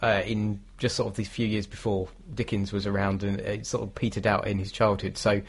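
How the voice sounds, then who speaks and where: A man's voice: fairly low pitch, level tone, brisk, husky. A British man talking as a guest in a conversational interview, thoughtful and given to light laughter. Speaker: guest historian.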